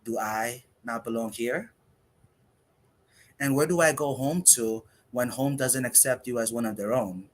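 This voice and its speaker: A man delivers spoken word poetry in a measured, reflective way, leaving pauses between phrases. His voice sits in an ordinary middle pitch for a man. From United States. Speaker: poet.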